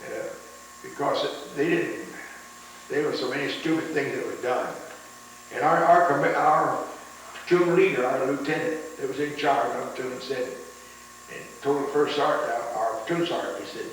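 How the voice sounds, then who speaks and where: A man's voice: mid-range voice, normal speed, very echoey. Older male veteran storyteller, rambling delivery; distant mic, faint hiss. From United States. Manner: rambling storytelling with many restarts, chuckling at the memories. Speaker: war veteran interviewee. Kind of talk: oral history interview.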